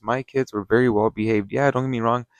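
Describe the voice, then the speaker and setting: A man's voice: medium pitch, steady tone, quick pace, dry recording. A man hosting his channel, telling a casual story-time review in a rambling, worked-up way, with lots of swearing and "you know". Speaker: channel host.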